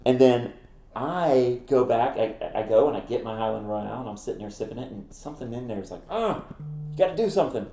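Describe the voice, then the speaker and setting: A middle-aged man, a ministry founder and former campus minister, telling stories in an interview in an animated way, laughing at himself. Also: medium pitch, brisk, echoey room. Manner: animated, acts out quoted voices, laughs at himself. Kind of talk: conversational interview storytelling.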